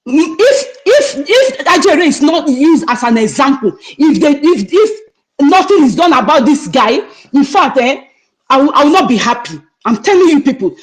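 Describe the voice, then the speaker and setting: A woman with a Nigerian accent, middle-aged, rants angrily on a livestream. Her voice sits high and she scolds in repeated bursts. She talks to her audience directly. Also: very animated, normal speed, low-quality recording. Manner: angry, scolding, repetitive. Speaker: online activist speaker. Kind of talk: heated livestream rant.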